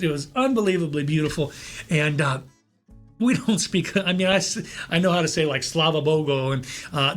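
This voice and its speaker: A man hosting a podcast, telling a personal story in a casual, animated way, often repeating words and laughing along. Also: on the high side. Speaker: podcast host.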